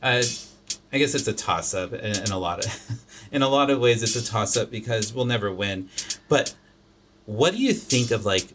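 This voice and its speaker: A man hosts a podcast in a lowish, fairly bright voice with lively intonation and a moderate pace, slight background noise audible. He rambles casually and loosely through his opinions, full of fillers and restarts.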